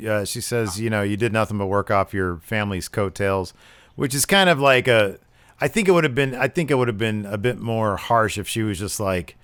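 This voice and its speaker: Smooth-voiced man hosting a casual podcast. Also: on the low side, moderate pace. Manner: animated retelling, acts out quotes. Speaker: podcast host. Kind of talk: casual chat.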